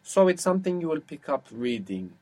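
A man teaching an audio language lesson, explaining patiently and slowing down on example words. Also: fairly high pitch, very animated, darkish tone.

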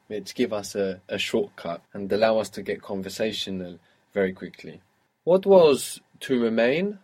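A man's voice: lowish voice, darkish tone. A man teaching a language lesson, patiently prompting a student and praising each answer. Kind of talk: guided audio language lesson.

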